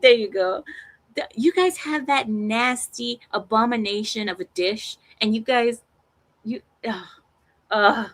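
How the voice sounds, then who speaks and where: A woman hosting a live stream, chatting casually with her viewers in a teasing, animated way and laughing often. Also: medium pitch. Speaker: livestream host.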